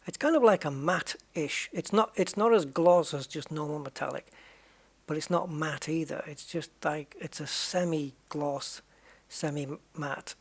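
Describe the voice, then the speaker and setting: A man's voice: on the high side, vocal fry, slightly rough. A man streaming a racing game, musing aloud and chatting to viewers with jokey asides. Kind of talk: casual live-stream chat.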